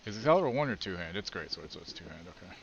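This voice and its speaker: A man's voice: low voice, very animated, very fast, lo-fi sound, slight background noise. A man from Texas casually chatting with his stream viewers while playing a game, cursing freely. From Texas, USA. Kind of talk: casual gaming stream chat.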